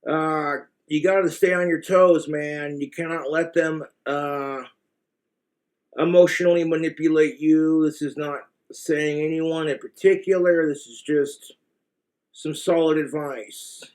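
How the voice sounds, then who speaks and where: A man's voice: a little high, steady tone, unhurried. A man with an American accent giving blunt, crude, rambling relationship advice in a casual monologue to the camera.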